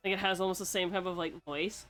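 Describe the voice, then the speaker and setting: A woman's voice: lowish voice, steady tone, fast talker, a bit bright. Young woman podcast host, casual and profane storyteller. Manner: chatty, swears a lot, laughs often. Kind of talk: casual chat.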